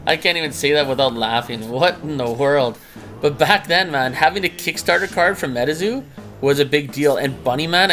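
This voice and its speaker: A man's voice: fairly high pitch, fairly bright tone. A man casually commenting on his own past card purchases in a chatty, incredulous way, often laughing at himself. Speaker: trading card collector and channel host. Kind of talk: casual commentary over a screen recording.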